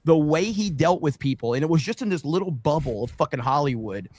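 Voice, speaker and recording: A man's voice: a little high, lively intonation, fairly quick, a little mellow, no echo. A man from Florida co-hosting a casual stream, telling a story in a rambling, profane way with plenty of fillers. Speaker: stream co-host.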